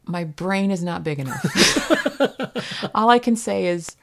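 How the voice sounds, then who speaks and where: Giggly gravelly woman podcaster. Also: fairly low pitch, expressive, unhurried. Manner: bubbly, giggly, playful exclamations. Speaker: podcast co-host. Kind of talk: casual podcast chat.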